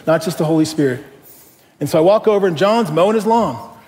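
Animated pastor preaching in a reverberant hall. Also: male voice, fairly high pitch, fairly quick, long pauses. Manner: conversational, animated, with rhetorical questions. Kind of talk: sermon with storytelling.

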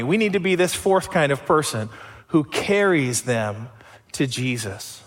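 A man's voice: on the high side, big pitch swings, unhurried, in a large hall. A man preaching a sermon as pastor, conversational, with rhetorical questions.

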